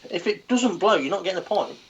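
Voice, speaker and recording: A British man co-hosting a casual podcast, blunt and quick to argue, with short replies. His voice sits a little high, with faint hiss in the background. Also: expressive, highs cut off. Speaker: podcast co-host.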